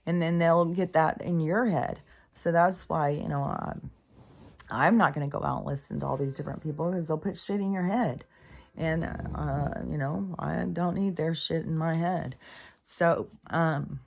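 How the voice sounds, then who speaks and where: A woman's voice: low-pitched, a little mellow. A middle-aged woman vlogging about spirituality in a meandering, casual monologue, full of fillers and swearing.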